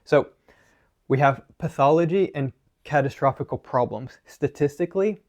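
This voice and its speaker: A man's voice: on the high side, moderate pace, a little mellow. A man from the southern United States coaching runners in an instructional talk to camera, blunt and emphatic, asking questions and answering them himself. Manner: blunt and emphatic, with strong opinions. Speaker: running mobility coach.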